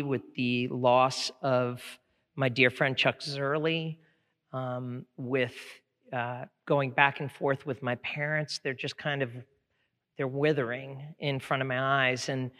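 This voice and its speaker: A man's voice: medium pitch, sharp tone. A middle-aged male pastor preaching a sermon, conversational and folksy, building to fervent exhortation. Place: church sanctuary. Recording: long church hall reverb.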